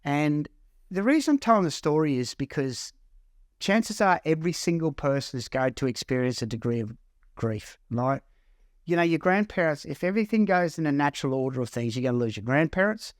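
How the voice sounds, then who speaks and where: An Australian man working as a counsellor, telling a personal story in an earnest, halting way that repeats words as he goes. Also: mid-range voice, dry recording, clean studio sound. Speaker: counsellor and mentor. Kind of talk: personal story told to camera.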